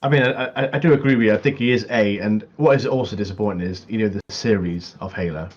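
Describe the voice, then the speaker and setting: A man co-hosts a casual gaming chat in a lowish, fast voice. He laughs often, acts out little quotes, and repeats words. His mic sounds dull and lo-fi.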